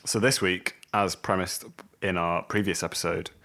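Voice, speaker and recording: A man's voice: deep voice, fairly even intonation, normal speed, bright, forceful tone. A man co-hosting a music podcast in casual chat, easygoing and explaining things at length. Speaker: podcast co-host.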